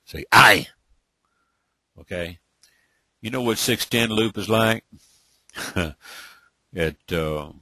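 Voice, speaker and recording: A deep, husky-voiced middle-aged man, running a live online training. He coaxes his listeners, calls out to them, and keeps checking in with "okay?" and "all right?". His voice is close and dry, with no room sound around it. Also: fairly bright tone, dry recording. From Atlanta, Georgia, USA. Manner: coaxing, repeatedly calls on listeners, ends points with "okay?". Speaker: webinar trainer.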